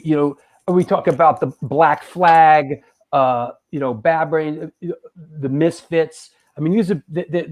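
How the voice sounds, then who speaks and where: A man's voice: a little high, darkish tone. A man hosting a live interview stream, talking loosely with lots of fillers and restarts. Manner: loose, rambling, frequent fillers. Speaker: host. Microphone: video call.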